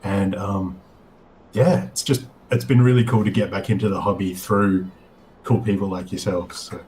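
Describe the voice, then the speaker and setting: An Australian man with a lowish voice chats as a guest on a live stream, easygoing and halting, filling gaps with ums. He comes through a video call with a faint hiss behind him. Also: low-quality recording. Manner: hesitant, many ums, relaxed. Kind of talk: casual live-stream chat.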